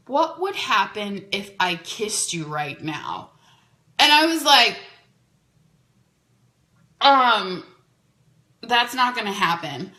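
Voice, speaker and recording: A woman hosting a podcast, telling a dating story in a chatty way, full of "like"s. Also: medium pitch. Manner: chatty, animated, many "like"s. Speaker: podcast host. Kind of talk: casual storytelling. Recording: echoey room.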